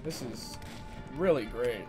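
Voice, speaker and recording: A young man streaming video games, reacting excitedly and laughing as he plays. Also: medium pitch, takes it slowly. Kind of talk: casual gaming commentary. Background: faint game music.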